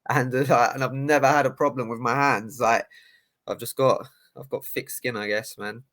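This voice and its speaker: A man co-hosting a podcast, talking in a relaxed, easygoing way. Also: mid-range voice, normal speed. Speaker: podcast co-host and boxer. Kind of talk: casual chat.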